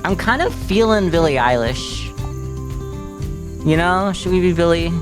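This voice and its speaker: A man's voice: high voice, expressive, a little slow, music in the background. A man streaming a video game, talking casually, rambling and joking with frequent giggles.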